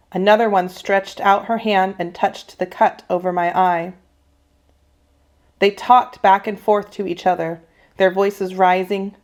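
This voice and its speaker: A woman teacher reads a children's novel aloud to a class. Her voice is mid-pitched and steady. She tells the story expressively. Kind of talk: children's read-aloud narration.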